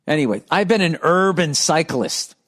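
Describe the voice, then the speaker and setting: A man's voice: on the high side, animated, normal speed, a bit bright. A middle-aged man hosting a podcast, ranting sarcastically and profanely about cyclists while reading listener letters. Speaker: podcast host.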